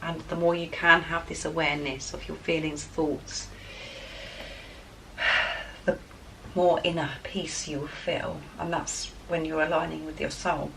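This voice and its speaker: A woman giving a spiritual tarot guidance reading, excitable and enthusiastic as she talks straight to her viewers. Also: sits low, a little slow, gravelly, long pauses. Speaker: tarot card reader. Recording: distant mic with faint background noise.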